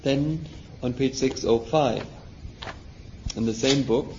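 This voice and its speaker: A man's voice: mid-range voice, slow pace. A man teaching a Bible study, reading passages aloud and explaining them with questions to his listeners. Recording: dull lo-fi recording, faint noise.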